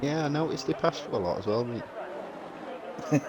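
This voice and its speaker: A man's voice: a little high, rapid-fire. A man co-commentating a sim race with teasing, dry wisecracks. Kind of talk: casual banter commentary. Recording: steady background noise.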